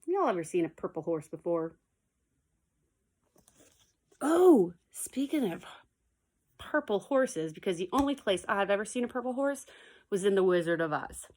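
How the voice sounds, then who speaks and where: A woman teacher speaks in a medium-pitched, darkish voice with big pitch swings, a moderate pace, and long pauses. Chatty and digressive, she addresses her pupils from her home basement and reads them a picture book, playfully imitating animal sounds.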